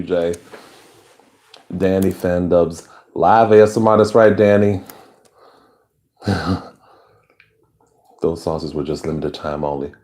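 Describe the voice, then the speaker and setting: Low voiced guy doing a live chat n chew stream, laid back, answers comments, goes quiet and hushed sometimes. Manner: relaxed, reads out and answers viewer comments. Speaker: livestream host. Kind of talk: live chat while eating and chewing.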